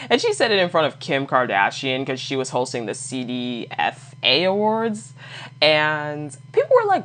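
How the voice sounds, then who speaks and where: A woman with an unusually deep, low voice hosts a casual solo podcast. She talks bluntly and swears freely, laughing often as she rants and throws in lively asides. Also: normal speed. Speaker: podcast host.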